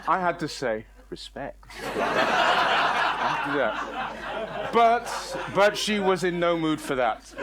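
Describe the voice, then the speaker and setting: A man tells a comic personal story to a live audience. His voice sits a little high for a man, and he delivers it in a playful, self-mocking and animated way.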